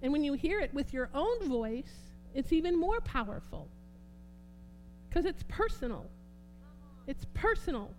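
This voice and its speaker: A woman preaching a sermon, fervent and swinging from quiet talk to loud exclamations. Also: high voice, very animated, unhurried, long pauses, a little hiss or hum, low-quality recording.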